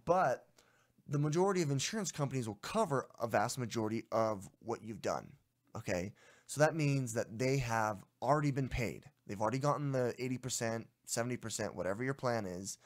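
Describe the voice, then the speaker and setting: A man's voice: mid-range voice, animated, moderate pace. A young adult man co-hosting a casual podcast, telling a story in an exasperated, ranting way. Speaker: podcast co-host.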